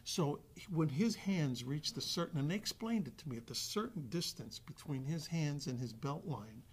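A man telling a guest anecdote in an animated way, acting out the voices of the other people with frequent restarts. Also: on the high side, normal speed, slightly rough. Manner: acts out quoted dialogue with restarts. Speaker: actor guest.

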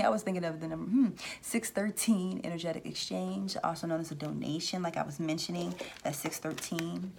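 A woman's voice: fairly low pitch, creaky, noisy background. A woman hosting a casual spiritual talk, rambling with restarts and acting out voices she says she hears. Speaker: spiritual reader and channel host.

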